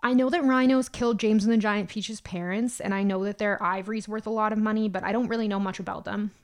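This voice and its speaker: Woman, mid pitch, podcast host, casual and self-mocking comic patter. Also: steady tone, quick pace. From Alberta, Canada. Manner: chatty and self-deprecating, joking asides. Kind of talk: casual comedic monologue.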